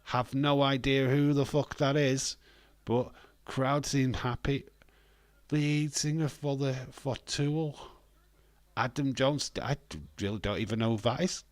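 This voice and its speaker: A man's voice: medium pitch, fairly even intonation, unhurried, no room sound. A British man hosting a live watch-along, giving casual, blunt commentary and swearing freely. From Britain.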